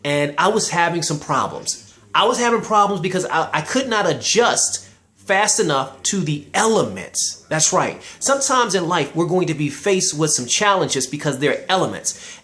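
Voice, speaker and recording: A man's voice: on the high side, fairly bright tone. A man giving an inspirational, sermon-style talk, emphatic and preacherly, addressing listeners directly and quoting scripture. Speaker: motivational speaker.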